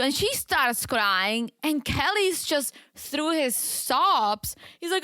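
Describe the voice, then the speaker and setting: High bright woman cohost, opinionated, acts out the quotes, dry mic. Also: big pitch swings, takes it slowly, no echo. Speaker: podcast co-host. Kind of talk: casual reality TV recap chat.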